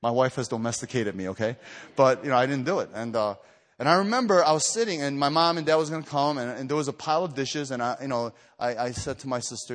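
A man's voice: mid-range voice, fast talker, in a large hall. A man preaching a sermon to a retreat gathering, telling stories with lots of fillers and restarts, then building to emphatic exhortation. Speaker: pastor.

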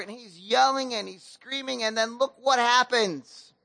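A man pastor retelling a scripture story in relaxed, slangy speech, with a high and bright voice. He speaks with lively, animated emphasis. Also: a little fast, creaky, hardly any pauses, no echo. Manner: casual slang-laced preaching, animated storytelling. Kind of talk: sermon.

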